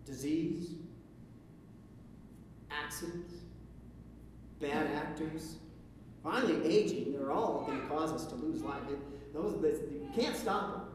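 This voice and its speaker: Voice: medium pitch, slow pace, long pauses, a little hiss or hum. A pastor preaching a conversational sermon, asking rhetorical questions and often restarting his sentences. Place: church sanctuary. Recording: echoey hall recording from far off.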